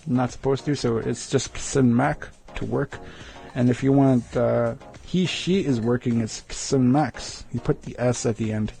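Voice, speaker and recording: A man teaching vocabulary in a casual lesson, repeating each word slowly and joking lightly. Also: medium pitch, vocal fry, warm tone, soft background music. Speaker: language teacher.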